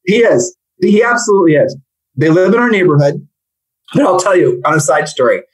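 A man who coaches real estate agents, chatting on a podcast in an animated, rambling, jokey way. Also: high-pitched, fairly quick, husky, rough recording. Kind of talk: casual podcast chat.

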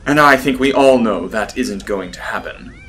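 A man's voice: medium pitch, normal speed, fairly bright tone, slight background noise, lightly acted. A man voicing a reflective archaeology professor. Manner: reflective, storytelling. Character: middle-aged male archaeology professor.

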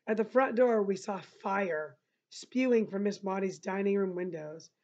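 A woman teacher reading a novel aloud and pausing to explain passages to her listeners. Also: medium pitch, darkish tone. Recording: dull lo-fi recording.

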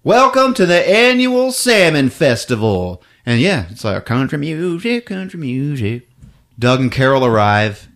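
A man hosting a comedy podcast, recapping a film with lots of laughter and quick character impressions. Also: medium pitch. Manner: animated, laughs often, acts out characters.

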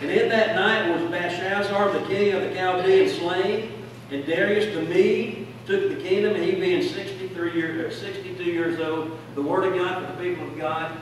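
Fervent call-and-response fills this sermon by a pastor in a church sanctuary. He speaks at a normal speed in a high-pitched voice with fairly even intonation. The distant recording of the echoey hall carries a little hiss or hum.

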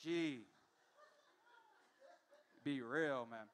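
A man's voice: mid-range voice, drawn-out words, fairly bright tone. A man in his forties performing a stand-up comedy set on a comedy club stage, telling stories animatedly and acting out other people's voices. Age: 40s.

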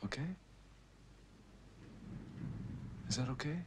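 A man's voice: mid-range voice, rapid-fire, a little hiss or hum, close to an everyday voice. An actor playing an unstable, intense young man in a film drama, pleading one moment and lashing out the next. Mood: coaxing. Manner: pleading, volatile, sudden angry outbursts.

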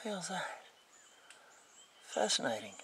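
A man with an Australian accent, chatting excitedly on a camera as he climbs through the bush. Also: high-pitched, slow, creaky, noisy background. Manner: excited, chatty, calls everyone mate. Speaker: bushwalker filming. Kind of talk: casual outdoor vlog. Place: outdoors in the bush, climbing a hill.

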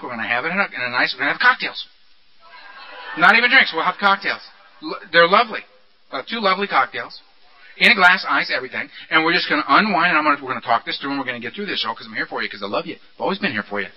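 A man voicing a male addiction demon, who whispers and wheedles in a smooth, falsely caring way. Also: on the high side, voice pushed down, natural voice. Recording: dull lo-fi recording.

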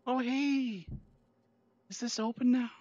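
A man's voice: extremely high pitch, fairly even intonation, slow, a little mellow, dry recording, lo-fi sound. A man hosting a horror game let's play, yelping at scares and grumbling about the controls. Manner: jumpy, yelps and screams at scares, self-mocking complaints. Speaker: gaming channel host.

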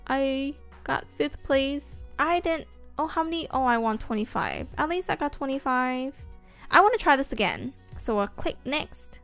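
A woman hosts a gaming video, giving excitable, casual commentary as she plays, often squealing and whooping. Her voice is high-pitched at a normal speed, with faint game music behind.

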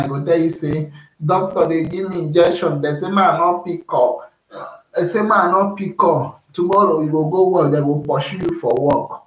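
A Nigerian man with a fairly high voice talks casually to camera, rambling on and on. He keeps checking in with the listener, saying "you understand me?" again and again. The room around him rings with echo. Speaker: vlogger.

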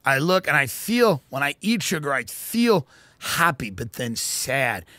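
Man, comedic podcast ad read, profane and deadpan, bursts of shouting, fairly high voice, dry close mic. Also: measured pace, dry recording. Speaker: podcast host reading ads.

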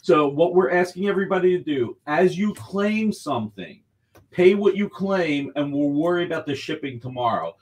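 A man running a live comic book auction over a video call, pitching books with enthusiasm and urging bidders on. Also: lively intonation, moderate pace, darkish tone. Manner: enthusiastic, pushes bidders along. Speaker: guest auctioneer.

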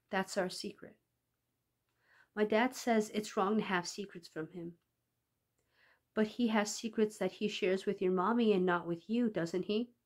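A woman's voice: medium pitch, close to an everyday voice. A woman reading the part of a manipulative young teacher who talks to children in a sweet, coaxing, persuasive way. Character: smooth-talking manipulative young female teacher.

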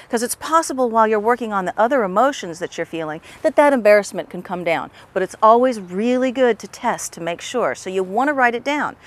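Female tapping instructor, patient and repetitive, demonstrates the phrases aloud. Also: mid-range voice.

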